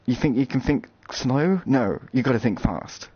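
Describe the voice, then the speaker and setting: A man from Australia, rambling through jokey live commentary while playing a VR game, breaking into loud yelps. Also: medium pitch, expressive, normal speed, a little hiss or hum. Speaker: VR game streamer. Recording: dull lo-fi audio with loud game music.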